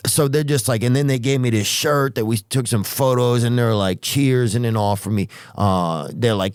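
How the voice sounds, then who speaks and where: A man hosting a podcast, telling rambling comic stories with profanity and drawn-out asides. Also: lowish voice, a little mellow, smooth, no echo, studio quality. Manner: profane, drawn-out asides, sudden character voices. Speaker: podcast host.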